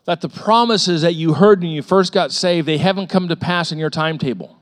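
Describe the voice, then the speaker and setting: A middle-aged male pastor delivering a sermon with a somewhat high voice. He tells personal stories in an animated way, repeating words and slipping into the voices of the people he describes. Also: a little fast. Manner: animated storytelling with frequent repetitions and acted-out voices.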